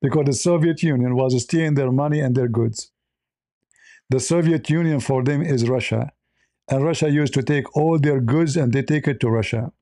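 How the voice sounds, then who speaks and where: A man's voice: medium pitch, moderate pace, warm tone, no echo, studio quality. A man hosting a livestream, answering chat messages in a blunt and sarcastic way.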